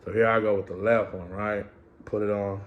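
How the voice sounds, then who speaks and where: A man's voice: fairly low pitch, little pitch movement, moderate pace, phone-quality sound. A middle-aged man telling a story in casual, profane slang, acting out the people in it and checking in with "right?". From California. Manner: slangy, acts out voices, keeps asking "right?".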